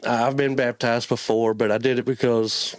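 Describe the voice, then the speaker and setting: A man giving an earnest personal faith testimony as a church guest. He talks haltingly, often repeating his words, and sounds close to tears. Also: medium pitch, flat delivery. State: emotional, near tears.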